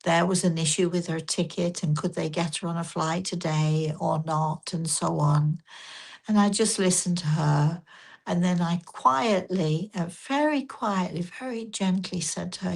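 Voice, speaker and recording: An older woman, a spiritual medium and host, telling a story in a gentle, rambling way with frequent restarts. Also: lowish voice, a little slow, vocal fry. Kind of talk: casual storytelling talk.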